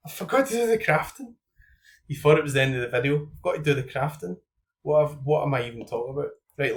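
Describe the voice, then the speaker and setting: A man's voice: fairly low pitch, fairly bright tone. A young man hosting his own channel, talking casually and thinking aloud as he goes through his fantasy football cards, with lots of "like" and "um". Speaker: YouTube host.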